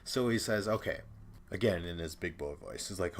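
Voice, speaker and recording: A man's voice: sits low, lively intonation, normal speed. A young man hosting a podcast, giving a chatty, opinionated recap and acting out the quotes. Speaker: podcast host. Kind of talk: casual recap commentary.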